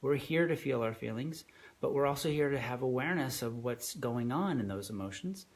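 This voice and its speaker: A man's voice: medium pitch, lively intonation, a little fast. A man co-hosting a podcast, talking reflectively about relationships and often restarting his sentences. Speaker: podcast co-host. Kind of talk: conversational relationship advice.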